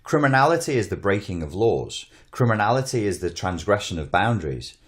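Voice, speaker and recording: A man's voice: lowish voice, sing-song, fairly quick. A man in casual podcast chat, rambling and blunt, often restarting his sentences. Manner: rambling, blunt, swears, self-interrupting. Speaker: podcast co-host.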